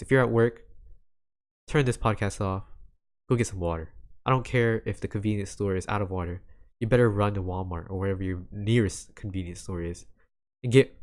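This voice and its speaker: A man hosting a casual solo podcast, rambling and self-deprecating and apologizing often. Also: on the low side. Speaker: podcast host.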